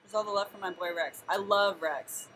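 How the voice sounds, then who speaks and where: A woman's voice: medium pitch, moderate pace, a bit bright, slight background noise, rough recording. A young woman chatting as a guest on a casual livestream from a hotel lobby, stumbling over words and laughing easily. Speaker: guest co-host.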